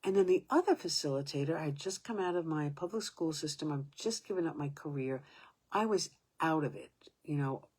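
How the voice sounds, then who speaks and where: Husky low-voiced woman in her seventies. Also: animated, a little mellow. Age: 70s. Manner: halting, restarting sentences, sometimes dropping to a whisper. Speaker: storyteller. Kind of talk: personal storytelling monologue.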